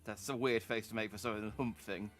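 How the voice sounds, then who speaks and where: A man's voice: on the low side, steady tone, fast talker, fairly bright tone, soft background music. A male streamer casually commenting on a game in a playful, joking way and laughing often. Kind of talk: let's play commentary.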